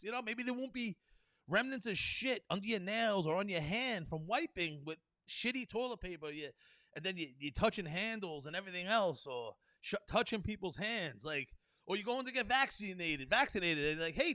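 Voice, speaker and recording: A man rants through a loose podcast monologue in a voice pitched high for a man. He is profane and rambling, starts sentences over and laughs at his own jokes. The sound is dry and close, with no room around it. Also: bright, forceful tone, dry recording. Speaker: podcast host. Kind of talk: unscripted ranting monologue.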